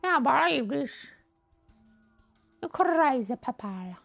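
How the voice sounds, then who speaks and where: A woman with a very high, bright voice chats playfully on a game stream. Her pitch bounces widely while she speaks slowly, with a gravelly edge under it. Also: sing-song, lo-fi sound, faint music behind. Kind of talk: casual chat on a game stream.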